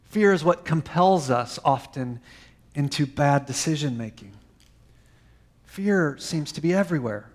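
A man preaching a sermon, swinging from emphatic lines to soft, quiet phrases. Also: a little high, lively intonation, a little slow. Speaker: pastor.

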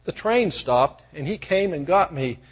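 An older man with a husky voice preaching a sermon, moving from quiet storytelling to loud, fervent proclaiming. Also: a little high, animated, measured pace. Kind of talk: sermon with personal stories.

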